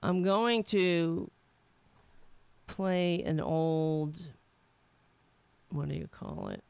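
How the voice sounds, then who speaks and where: A woman's voice: sits low, very slow, creaky, a little mellow, clean tone, dry recording. A middle-aged woman with a nasal voice hosts a casual political talk show alone, sarcastic and profane, muttering to herself between points. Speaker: show host.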